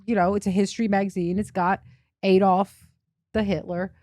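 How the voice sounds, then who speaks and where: A woman's voice: mid-range voice, flat delivery, moderate pace, darkish tone, dry recording, studio quality. A young woman hosting a comedy podcast, trading brash jokes and laughing often in casual banter. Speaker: podcast host.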